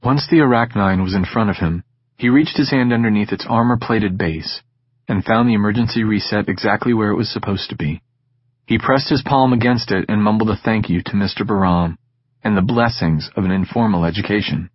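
A man narrating a science fiction audiobook in measured, steady storytelling. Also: lowish voice, slightly rough, no echo, lo-fi sound. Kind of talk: scripted narration.

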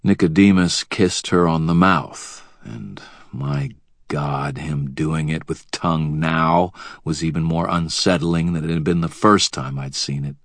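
This is a man narrating an audiobook in the first person, with a very low, deep voice. His delivery is wry and measured. The close studio recording is dry. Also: dry recording.

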